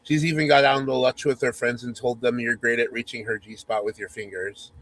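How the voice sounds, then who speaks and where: Male host reading a spoof romance aloud; mock-sultry, teasing, medium pitch. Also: flat delivery, fairly quick, fairly bright tone, a little hiss or hum, rough recording. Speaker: podcast host.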